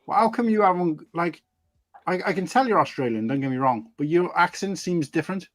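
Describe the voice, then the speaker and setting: A man's voice: sits high, lively intonation, brisk, a bit bright, no room sound. A man hosting a casual community stream, chatty and rambling through anecdotes. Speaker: stream host.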